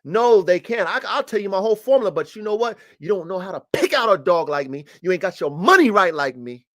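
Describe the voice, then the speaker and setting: Guy hosting a live dog podcast, brash and in-your-face, kinda high voice. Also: expressive, fast talker, a bit bright. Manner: boastful, confrontational, emphatic slang-heavy talk. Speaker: podcast host and dog breeder. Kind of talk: livestream podcast monologue. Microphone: streaming setup.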